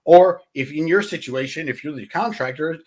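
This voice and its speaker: A man's voice: a little high, normal speed, darkish tone. A man hosting a podcast, giving blunt sales coaching in a conversational way and often checking in with "right?". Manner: talks straight to the listener, blunt. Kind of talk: solo motivational sales talk.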